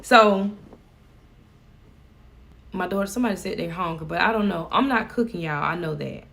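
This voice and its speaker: A woman's voice: fairly low pitch, normal speed, gravelly, fairly bright tone. A middle-aged woman vlogging from home, chatting casually and laughing as she talks to her viewers.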